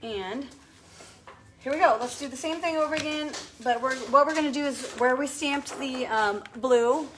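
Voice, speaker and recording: A woman's voice: high-pitched, moderate pace, fairly bright tone, slight background noise. Chatty woman crafting on camera. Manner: chatty, talks to viewers and her child while working. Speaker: craft video host. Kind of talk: casual crafting tutorial chat.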